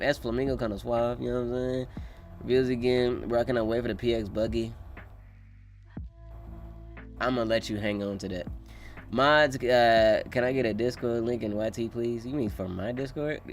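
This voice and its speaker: A man's voice: medium pitch, creaky. A man streaming a live reaction, chatting loosely with swearing, reading chat aloud and laughing often. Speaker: streamer reacting to a manga chapter.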